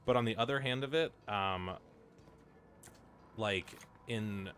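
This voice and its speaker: A man's voice: fairly low pitch, takes it slowly, fairly bright tone, a little hiss or hum. A man streaming a video game, chatting casually with lots of fillers and wry asides. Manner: rambling, filler-heavy, wry. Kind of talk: casual gameplay commentary.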